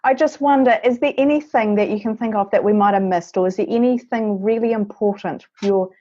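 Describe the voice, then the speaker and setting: A woman's voice: medium pitch, fairly quick, dark tone, highs cut off. A woman hosting an interview podcast, affirming and encouraging her guest as she asks questions and wraps up. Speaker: podcast host.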